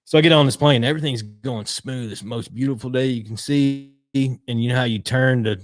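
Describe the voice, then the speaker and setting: A man telling a lively story in casual talk, acting out what people said and swearing casually. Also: medium pitch, a little fast. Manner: animated, acts out quotes, swears casually. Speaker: retired pit crew member, guest.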